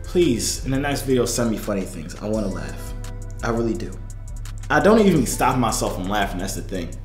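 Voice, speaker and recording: A young man talks over clips in a casual reaction commentary. His intonation swings widely between flat disbelief and begging. Faint music plays behind him. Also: fairly low pitch, fairly quick. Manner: unimpressed, complaining, pleading with viewers. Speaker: reaction video host.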